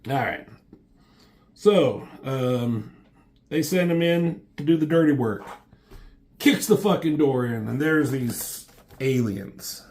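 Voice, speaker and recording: A man's voice: mid-range voice, animated, takes it slowly, long pauses, a little mellow. A man reviewing a comic in loose, casual commentary. His asides are offhand, and he swears freely as he talks through the pages.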